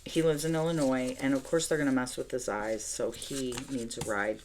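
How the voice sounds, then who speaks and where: A middle-aged woman with a bass voice chats at a normal speed while decorating her planner at home, with a little hiss or hum in the recording. This planner vlogger is a chatty, animated storyteller who talks to herself as she works.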